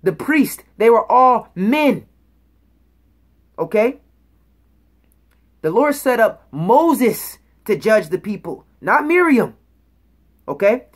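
A woman's voice: a little high, sing-song, takes it slowly, pauses often, husky. Emphatic woman preaching a bible study. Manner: emphatic, checks in with "okay?" and "all right?"; reads scripture aloud and explains words. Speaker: bible teacher.

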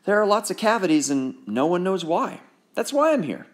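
A man's voice: high-pitched, very animated, moderate pace, pitched above the performer's own voice. A man voicing a kind, friendly male dentist who talks in a coaxing, salesman-like way.

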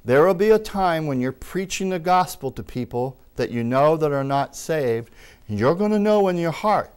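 A man's voice: fairly high pitch, animated, moderate pace, smooth. A man preaching a teaching sermon, emphatic and repeating amen with enthusiasm, with wry asides and small jokes.

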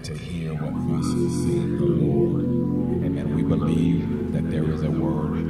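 A pastor preaching a sermon, calling on the congregation to answer back and building from soft talk to shouts. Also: male voice, a bass voice. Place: church sanctuary. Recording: echoey sanctuary from far off, faint music.

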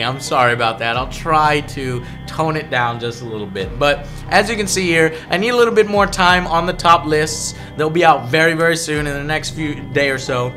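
A man hosting a gaming video, giving casual gameplay commentary that swings into excited, profane shouting. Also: fairly high pitch.

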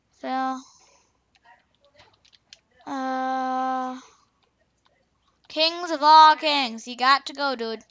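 Young female gamer, high bright voice, playful chatter, dry lo-fi home mic. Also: clear, resonant tone, no room sound. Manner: playful, chatty, repeats taunts at other players. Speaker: gaming channel host. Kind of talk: casual gameplay commentary.

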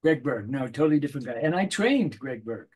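Medium-pitched and slightly rough, the older voice-actor guest talks briskly in a casual interview, bringing his anecdotes to life with little acted-out voices.

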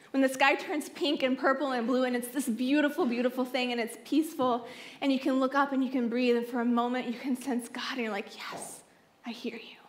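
A young woman with a high, bright-sounding voice preaches from a conference stage. She reads scripture and retells it like a story, moving between lively, playful asides and soft, almost hushed moments. Her delivery is warm in pacing and personal. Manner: expressive storytelling, drops to soft hushed tones. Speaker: youth conference speaker. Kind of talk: sermon, Bible teaching.

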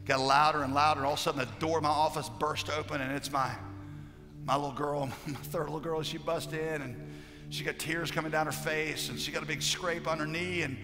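A man preaching a sermon as a pastor, passionate, moving from loud declarations to hushed storytelling. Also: fairly high pitch, level tone, fairly quick. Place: large conference hall. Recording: live hall recording with long reverb and faint music.

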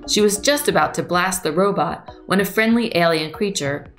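Gravelly woman reading to children. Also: fairly low pitch, moderate pace, a bit bright, faint music behind. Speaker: museum storyteller and craft presenter. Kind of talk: children's story reading and craft demonstration.

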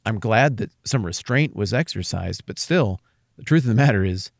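A man with a low, gravelly voice talks in a casual podcast conversation. He is earnest and measured, with some dry wit. The sound is close and dry. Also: animated, no echo. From Wyoming, USA. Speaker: podcast co-host.

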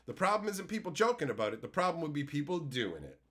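Animated, profane man chatting to his stream. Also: a little high, fast, breathy edge. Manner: animated and profane, bursts into loud exclaiming. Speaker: streamer answering chat. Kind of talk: casual live-stream chat.

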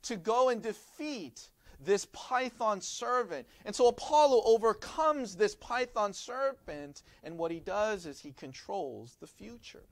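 A man's voice: high-pitched, lively intonation, measured pace, hardly any pauses, dry recording. A man preaching a sermon as pastor, explaining in a teaching manner and often turning to the listeners with rhetorical questions.

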